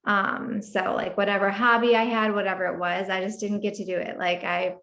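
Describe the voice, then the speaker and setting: A woman's voice: mid-range voice, level tone, brisk, vocal fry, a bit bright, reverberant. A woman chatting casually in a book club discussion over a video call, rambling with many fillers.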